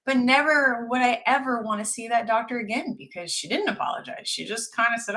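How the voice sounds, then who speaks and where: A woman's voice: fairly high pitch, a little fast, few pauses. A middle-aged woman, a doctor being interviewed, telling casual stories and acting out the lines of the people in them. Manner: animated, acts out dialogue in her stories. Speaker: guest doctor.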